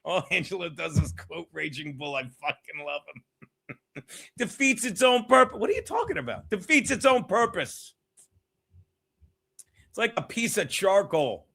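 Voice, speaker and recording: Gravelly, high, lively rambling man. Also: moderate pace. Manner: rambling, laughing, loses his train of thought. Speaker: comedian hosting a livestream show. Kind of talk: casual livestream chat with chat shout-outs.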